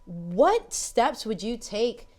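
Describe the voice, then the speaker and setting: A woman's voice: fairly high pitch, very animated, very slow, darkish tone. A woman in her twenties, co-hosting a podcast interview, asking earnest, rambling questions. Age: 20s. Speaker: podcast co-host.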